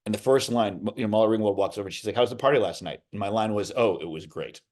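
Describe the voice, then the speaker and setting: Animated, low-voiced male actor guest. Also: very fast. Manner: animated storyteller, many restarts and asides. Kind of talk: casual interview storytelling.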